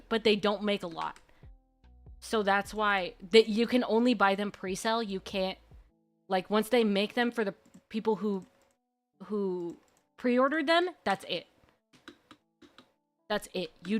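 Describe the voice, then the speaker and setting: A woman streamer chatting casually, gushing and rambling excitably. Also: medium pitch. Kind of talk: casual live-stream chat. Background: faint background music.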